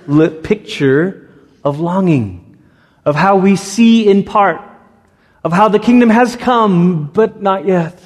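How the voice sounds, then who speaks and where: A man delivers a sermon in a relaxed, conversational way, often restarting his sentences. His voice sits a little higher than most men's. The long reverb of a church sanctuary trails after every phrase. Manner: conversational, with frequent restarts and stumbles. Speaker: pastor.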